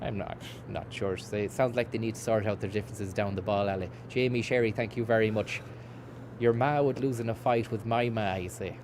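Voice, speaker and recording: A man's voice: on the low side, steady tone, fairly quick, background noise. A man streaming a game, rambling and swearing casually while he reads out and answers chat messages. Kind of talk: casual let's-play commentary.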